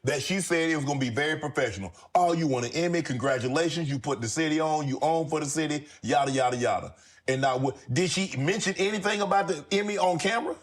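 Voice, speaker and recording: A man's voice: a little high, fast. A man interviewing a guest, pressing him with probing questions.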